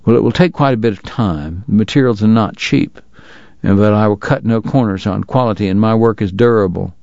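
A man doing a drawling Southern gentleman dentist. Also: on the low side, brisk, creaky, no echo, dull audio. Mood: measured. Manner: formal, long-winded, drawling. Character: genteel Southern dentist gambler, formal, touchy.

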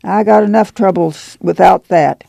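A man's voice: sits high, normal speed, creaky, no echo. A man doing a proud, bitter mother. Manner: sharp, curt rural speech. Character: proud, bitter migrant mother, cold and defensive.

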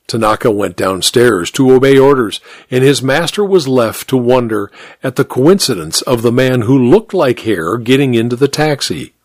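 A man narrating a story in an expressive, measured audiobook reading. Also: mid-range voice, no room sound.

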